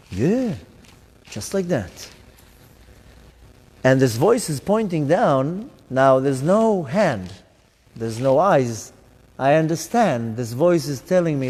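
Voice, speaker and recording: A rabbi addresses his congregation live in a synagogue hall, where a long reverb hangs on his words. His voice sits on the high side, animated and a little mellow, and he takes it slowly with frequent pauses while acting out his own thoughts and others' voices in his story.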